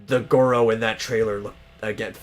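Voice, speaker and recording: A man's voice: fairly low pitch, fairly even intonation, fairly quick, faint music behind. A man co-hosting a casual podcast chat, rambling with many fillers and restarts and swearing casually. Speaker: podcast co-host. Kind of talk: casual chat about movies.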